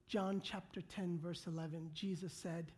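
A woman preaching a sermon, talking straight to her congregation and swinging from loud, emphatic lines to hushed whispers. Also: fairly low pitch, fairly even intonation, normal speed, breathy edge. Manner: earnest, direct address to the congregation.

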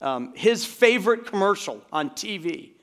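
A middle-aged pastor from Georgia preaches in a loose, chatty way, full of fillers and questions to his congregation. His voice sits a little higher than most men's. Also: animated, moderate pace, a bit bright. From Georgia, USA. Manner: conversational, with many fillers and audience asides. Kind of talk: sermon.

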